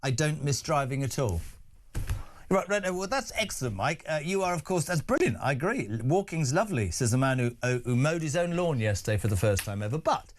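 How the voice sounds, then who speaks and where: A man's voice: fairly high pitch, very animated, fast talker, hardly any pauses, slight background noise. Male phone-in host, middle-aged, blunt and conversational. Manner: blunt, chatty, reads out messages. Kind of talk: breakfast radio phone-in.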